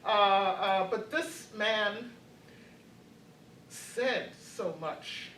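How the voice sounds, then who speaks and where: A woman's voice: medium pitch, very slow, a bit bright, echoey room, distant mic, slight background noise, rough recording. An older woman in her eighties, reflecting on her college years as a panelist, hesitant with many fillers and restarts and frequent laughs. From Baltimore. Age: 80s. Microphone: video call.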